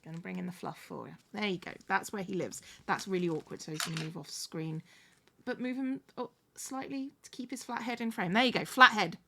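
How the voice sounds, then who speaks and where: With a creaky, medium-pitched voice and a slightly fast pace, a livestream host chats casually while sewing crafts. She thanks viewers and often restarts sentences, with background noise present.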